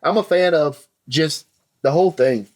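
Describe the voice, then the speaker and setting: A man hosting a podcast in a relaxed, encouraging way, often adding "man" to his sentences. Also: fairly high pitch, moderate pace. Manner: laid-back and encouraging, says "man" a lot. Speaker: podcast host. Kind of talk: casual chat.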